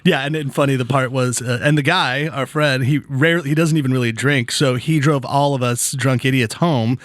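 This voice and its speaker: A man hosting a podcast, telling stories in a casual, animated way and acting out what people said. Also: medium pitch, a little fast, dry recording. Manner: animated storyteller acting out quotes. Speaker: podcast host. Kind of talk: casual chat.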